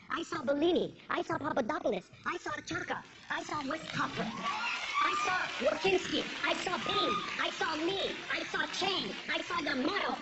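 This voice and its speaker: High-voiced woman doing punchy stand-up. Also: fairly bright tone. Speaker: stand-up comedian. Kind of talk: stand-up comedy set. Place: stage before a live audience. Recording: lo-fi with background noise.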